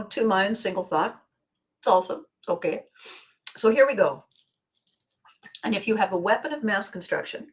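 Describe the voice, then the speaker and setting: Older woman host, solo monologue, circles the point, earnest and emotional. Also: medium pitch. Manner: rambling, emotional, with frequent laughs and pauses. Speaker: podcast host. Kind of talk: personal monologue.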